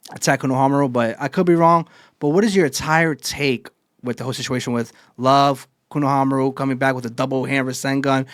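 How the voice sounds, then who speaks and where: Casual male podcast host, mid-pitch, dry close sound, enthused and profane. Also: no room sound. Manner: excited, swears freely, retells scenes in quotes. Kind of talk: casual anime chapter recap.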